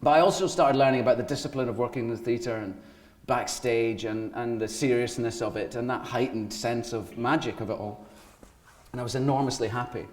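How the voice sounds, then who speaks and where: A guest actor from Scotland, in his forties, speaks a little fast at medium pitch while being interviewed on stage in front of an audience. His anecdotes wander and are full of energy and laughter, and the room sound is spacious.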